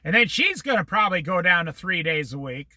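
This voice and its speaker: A man's voice: high-pitched, lively intonation, a little fast, pushed and bright, dry recording. A middle-aged man in casual talk, rambling from story to story with religious asides. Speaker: vlogger.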